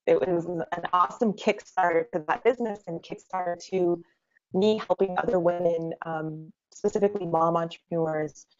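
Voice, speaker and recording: Female guest, 30s, low voice, animated storyteller, muffled lo-fi audio. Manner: animated, quick storytelling with laughs. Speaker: guest entrepreneur. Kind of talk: interview storytelling. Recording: dull lo-fi sound.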